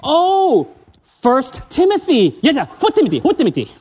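A man voicing a zealous young Malaysian man who shouts excitedly in a Malaysian English accent. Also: very high-pitched, normal speed, pitched above the performer's own voice, full character voice. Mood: eager. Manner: shouting, fired-up.

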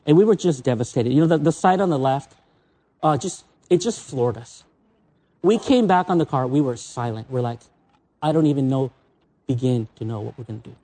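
A man with a husky, breathy voice delivers a sermon, telling personal stories with open feeling. He jumps from bright, excited peaks down to quiet, almost whispered moments. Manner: emotional, swinging between excited highs and soft low asides. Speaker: visiting preacher. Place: church.

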